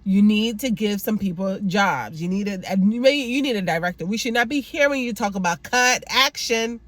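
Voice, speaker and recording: A woman's voice: mid-range voice, moderate pace, no room sound. Woman, sassy TV recap host, exasperated asides, casual review.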